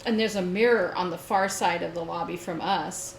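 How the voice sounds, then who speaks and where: A woman co-hosting a casual chat show, telling stories in an animated way and laughing often. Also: fairly low pitch, normal speed, gravelly. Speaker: podcast co-host. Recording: roomy echo, faint noise.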